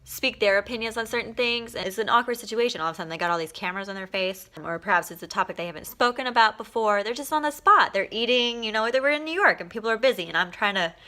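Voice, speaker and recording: A woman's voice: fairly high pitch, animated, fast, few pauses, bright, forceful tone. Tired, swearing young woman vlogger. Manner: loose, laughing, swears freely. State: exhausted. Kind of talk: casual vlog chat.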